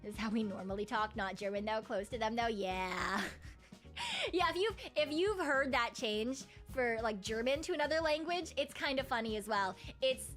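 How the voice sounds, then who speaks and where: A woman's voice: fairly high pitch, lively intonation, normal speed, a bit bright, faint music behind. A woman streamer chatting casually with her viewers, rambling and humming between thoughts. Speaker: live streamer. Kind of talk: casual live-stream chat.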